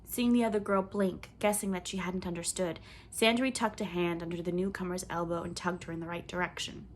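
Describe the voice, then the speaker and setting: A woman reading a children's novel aloud in clear, measured storybook narration. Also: lowish voice, steady tone, slight background noise. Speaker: audiobook reader.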